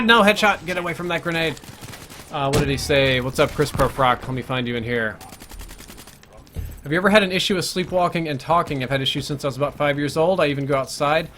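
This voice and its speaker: A man's voice: a little high, fast talker, a bit bright, slight background noise. A young man chatting casually while live-streaming a game, thinking aloud and answering viewers' questions between plays. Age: young adult. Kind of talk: live gameplay commentary chat.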